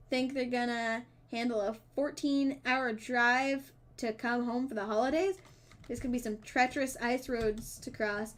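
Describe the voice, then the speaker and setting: A woman streamer reading a dating game's dialogue aloud, with playful asides and quick self-corrections. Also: fairly high pitch, fairly even intonation. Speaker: streamer playing a dating sim. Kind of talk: reading game text aloud with casual commentary.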